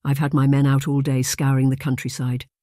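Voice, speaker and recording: A man's voice: mid-range voice, completely flat delivery, brisk, warm tone, dry recording, clean studio sound, lightly acted. A man reading an audiobook, voicing a bad-tempered, blustering laird. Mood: angry. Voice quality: harsh, raging.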